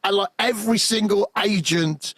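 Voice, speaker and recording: A man, a guest musician, telling lively anecdotes in an animated way on a podcast. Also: sits high, normal speed, dry recording. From England. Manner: lively anecdotal, acts out quotes. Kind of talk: animated storytelling.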